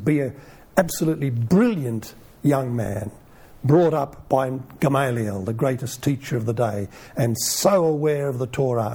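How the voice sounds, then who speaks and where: A man giving an informal Bible teaching in a conversational way, full of rhetorical questions and lively asides. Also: mid-range voice, vocal fry, slightly rough.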